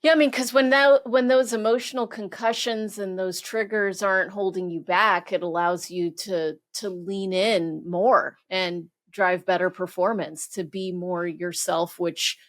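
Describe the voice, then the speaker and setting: A woman's voice: mid-range voice, steady tone, measured pace, hardly any pauses. A woman hosting an interview, asking questions and reacting with short exclamations. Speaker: interview host. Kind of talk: interview conversation.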